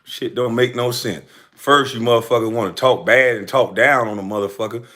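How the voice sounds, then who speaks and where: A man at mid pitch ranting to camera in a heated, profane voice. He speaks in a confrontational way and swears constantly. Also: steady tone, fairly quick, fairly bright tone. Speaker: commentator answering critics. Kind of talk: angry direct-to-camera rant.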